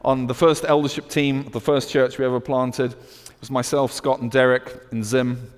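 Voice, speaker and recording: A man with a British accent preaching a sermon, swinging from loud emphatic declarations to hushed storytelling. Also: medium pitch, level tone, moderate pace, big-room sound.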